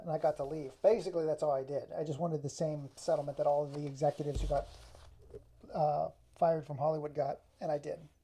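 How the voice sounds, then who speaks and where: A man's voice: on the high side, creaky, dark tone, breathy edge. A man talking casually to the camera in a rambling, self-deprecating way. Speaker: vlogger.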